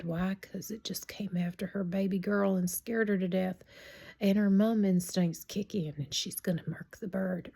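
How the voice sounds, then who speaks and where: Middle-aged woman rambling thru a storytime, low gravelly voice, keeps going to a whisper. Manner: often drops into a hushed whisper; chatty and digressive. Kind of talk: casual spoken storytime.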